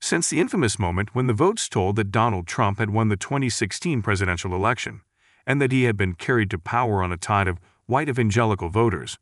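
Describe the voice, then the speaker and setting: A low-pitched automated man's voice reads a written article aloud. The sound is dry and close, with no room around it. The delivery is even and measured, with pauses that fall a little oddly. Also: dry recording. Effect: synthetic text-to-speech voice. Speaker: article reader. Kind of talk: scripted article reading.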